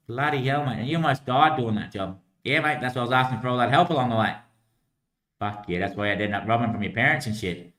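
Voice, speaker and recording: A man's voice: medium pitch, brisk, fairly bright tone, reverberant. A man rambling to himself, answering his own remarks and swearing freely.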